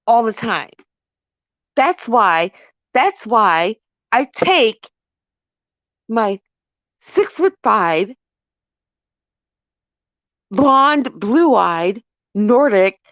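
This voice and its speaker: A middle-aged woman hosting a casual chat, telling a story in an animated, emphatic way. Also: medium pitch, no room sound. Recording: dull lo-fi dry audio.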